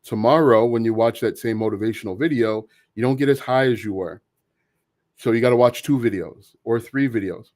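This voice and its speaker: A man hosting a casual live Q&A stream, talking in an opinionated, halting way with many restarts. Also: medium pitch, a little mellow. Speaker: livestream host answering viewer questions.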